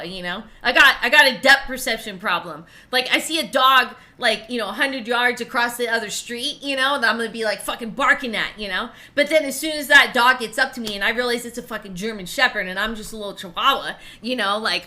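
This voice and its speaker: A woman in her thirties, a streamer telling casual stories in an animated way, swearing and laughing often. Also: a little high. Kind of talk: casual storytelling.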